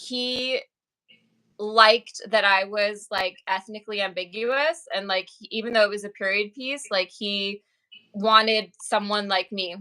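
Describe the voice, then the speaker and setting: Bright-voiced chatty woman actress. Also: mid-range voice, fairly even intonation, measured pace, low-quality recording. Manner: chatty, upbeat storytelling with many fillers. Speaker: actress and author, guest. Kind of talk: casual interview chat.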